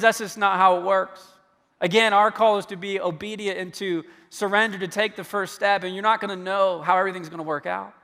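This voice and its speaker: Pastor, male, high voice, lively sermon delivery with restarts, echo of a church hall. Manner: animated storyteller who acts out the quoted dialogue, with stammered restarts.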